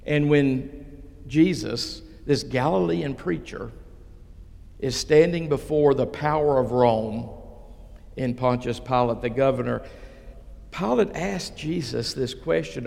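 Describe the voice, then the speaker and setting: Gravelly-voiced male pastor preaching in a hall. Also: mid-range voice, a little mellow. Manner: slow dramatic retelling with quoted voices. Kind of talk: sermon.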